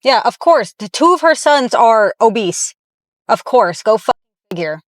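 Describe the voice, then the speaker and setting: A woman's voice: on the high side, big pitch swings, a little slow, no echo, clean studio sound. Blunt, heated woman fitness commentator. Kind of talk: reaction commentary. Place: inside a parked car.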